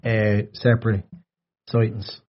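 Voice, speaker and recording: A man in a casual podcast chat, explaining events in a measured, matter-of-fact way. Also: fairly low pitch, level tone. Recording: dull lo-fi audio.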